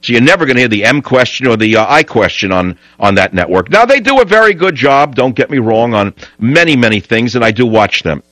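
A man's voice: mid-range voice, sing-song, brisk, few pauses, a bit bright, no echo, poor audio. A middle-aged man hosting a talk radio show, ranting in a combative, sarcastic way.

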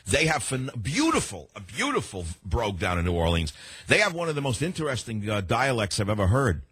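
This is an older man hosting a call-in radio show in a sardonic, rambling way, full of sarcasm. His husky voice swings widely up and down. The sound is close and dry. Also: lowish voice, fairly bright tone, dry recording. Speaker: radio talk show host.

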